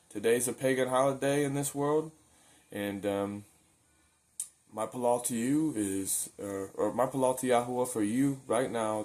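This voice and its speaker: A man's voice: fairly low pitch, darkish tone. A man talking earnestly and informally in a daily faith video, preaching in a loose, conversational way and often repeating words as he restarts his thoughts. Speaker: religious video maker. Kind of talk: casual spoken preaching.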